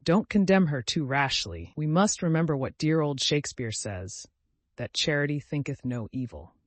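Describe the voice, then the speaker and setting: A man's voice: medium pitch, big pitch swings, normal speed, dark tone, no room sound. A man voicing a prim, soothing old cousin. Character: superstitious soothing older female cousin.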